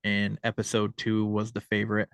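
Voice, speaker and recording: A man's voice: lowish voice, monotone, moderate pace, gravelly, smooth, no echo. A man hosting a podcast, chatting casually in a laid-back way with many fillers. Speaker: podcast host. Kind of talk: casual chat.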